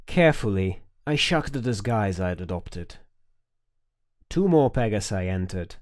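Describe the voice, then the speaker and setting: A man's voice: on the low side, expressive, unhurried, darkish tone, dry recording, clean studio sound. A man narrating an audiobook, reading tense, dramatic scenes.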